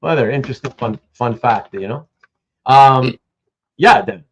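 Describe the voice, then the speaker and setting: Animated Canadian man hosting a stream. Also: medium pitch, unhurried, gravelly, slight background noise. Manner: animated storyteller, many restarts. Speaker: host. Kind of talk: casual livestream chat. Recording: dull lo-fi stream audio.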